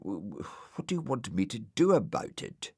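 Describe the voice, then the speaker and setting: A man's voice: fairly low pitch, big pitch swings, normal speed, a little mellow, breathy edge, no room sound, studio quality. A man reading a storybook aloud and voicing a grumpy, sleepy male dog who grumbles and stammers when nervous.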